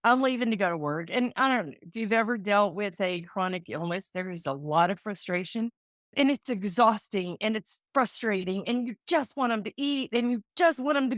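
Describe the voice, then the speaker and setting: インタビューで自分の体験を心を込めて語る五十代の女性。会話の場面を再現しながら話し、声は中くらいの高さで、響きのないドライな録音。. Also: female voice, medium pitch, lively intonation, brisk, dry recording, clean studio sound. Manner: heartfelt, acts out remembered dialogue. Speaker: real estate agent, guest. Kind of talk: emotional personal storytelling in an interview.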